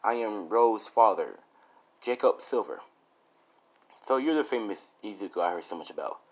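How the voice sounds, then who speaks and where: Guy doing a gruff dad voice, low and flat. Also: moderate pace. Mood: dry. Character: gruff protective father, middle-aged.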